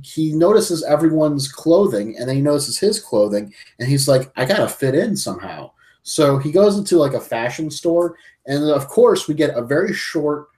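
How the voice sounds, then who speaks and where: A man's voice: on the high side, darkish tone. A man co-hosting a casual movie-review podcast, blunt and profane, often stumbling over his words. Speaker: podcast co-host.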